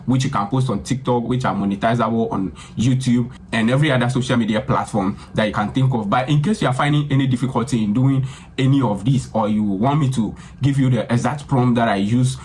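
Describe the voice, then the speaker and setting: A man's voice: medium pitch, brisk, hardly any pauses, darkish tone, slightly rough. Casual man walking through a tutorial. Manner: casual, repetitive, keeps addressing viewers as guys. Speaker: tutorial host. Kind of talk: screen-recorded software tutorial.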